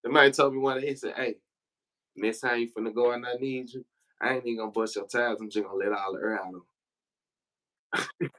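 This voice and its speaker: A man's voice: mid-range voice, fairly even intonation, brisk, long pauses, a bit bright, poor audio. A man from Memphis, telling loose, profane stories on a livestream and laughing as he goes. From Memphis, Tennessee. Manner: profane, laughing, slangy storyteller. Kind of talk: casual storytelling on a livestream.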